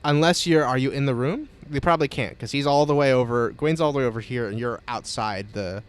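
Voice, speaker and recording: A man running a tabletop game as game master, relaxed and quick to laugh. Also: medium pitch, clear, resonant tone.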